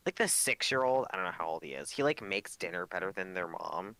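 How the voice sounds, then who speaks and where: Animated young man, lively pitch. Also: fairly quick, vocal fry, dry recording. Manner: animated storytelling, swears freely. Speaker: podcast co-host. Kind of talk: casual chat.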